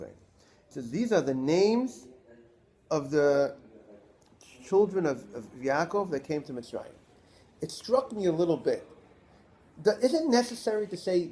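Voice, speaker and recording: A man, a rabbi, giving a Torah class lecture in an animated way, posing rhetorical questions to his listeners. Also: a little high, normal speed, long pauses.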